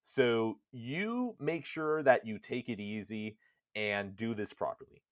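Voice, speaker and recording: A man voicing a talking magic book, male, dry and self-deprecating, speaking low and subdued. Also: takes it slowly, dry recording, close to an everyday voice. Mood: resigned.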